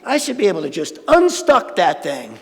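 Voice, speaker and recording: High-voiced, gravelly male spiritual speaker. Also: huge pitch swings, moderate pace. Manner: conversational, playful, asks the audience questions. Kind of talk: sermon. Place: spiritual centre sanctuary. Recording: reverberant hall.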